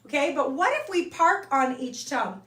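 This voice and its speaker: Chatty woman voice coach, high and bright. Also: expressive, normal speed, roomy sound, recorded from a distance, soft background music. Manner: chatty, checks in with "okay?" and "all right?". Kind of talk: online singing lesson.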